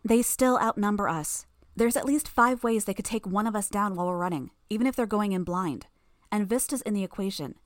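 A woman voicing a menacing teenage boy gang leader who talks in a low, growling, commanding way. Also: fairly quick, dry recording, clean studio sound, natural voice.

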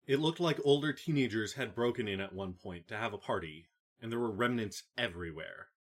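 A man narrating a novel audiobook in a calm, even reading. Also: medium pitch. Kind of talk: scripted narration.

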